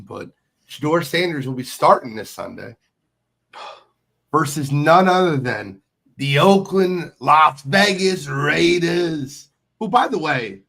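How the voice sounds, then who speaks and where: A man's voice: medium pitch, vocal fry, fairly bright tone. A man hosting a casual sports podcast, teasing his panelists and passing them the floor. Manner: teasing, quick to hand off. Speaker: podcast host.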